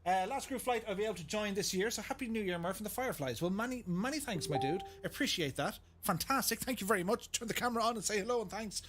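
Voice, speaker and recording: A man's voice: sits high, lively intonation, fast, few pauses, a bit bright, slight background noise. An Irish man streaming a game, chatting casually and joking about impressions, laughing often. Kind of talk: casual live-stream chat.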